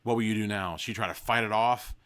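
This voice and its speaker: A man's voice: lowish voice, fairly even intonation, quick pace, fairly bright tone, smooth. A man hosting a live comedy show, reading a children's gamebook aloud with mock-dramatic delivery and swearing, rambling tangents in between; he is tired and hungry. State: sleep deprived and hungry. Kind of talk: live comedic read-along with profane asides.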